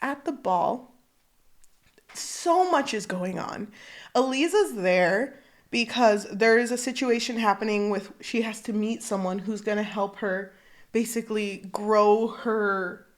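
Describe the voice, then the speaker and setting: A woman's voice: medium pitch, measured pace. A woman co-hosting a casual book podcast, chatting animatedly and acting out characters' lines. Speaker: podcast co-host.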